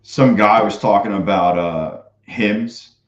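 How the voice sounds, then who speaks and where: Low-voiced man muttering trading banter. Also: takes it slowly, roomy sound, lo-fi sound. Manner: loose, crude, muttering to himself with bursts of banter. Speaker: live-streaming day trader. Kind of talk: casual running commentary while trading.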